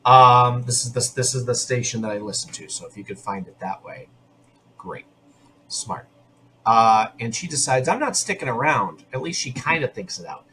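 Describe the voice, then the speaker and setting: A man hosting a podcast, recapping an episode in casual, opinionated chat full of quick restarts. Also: mid-range voice, bright, forceful tone, slight background noise. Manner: chatty and opinionated, talking in quick bursts with restarts. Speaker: podcast host.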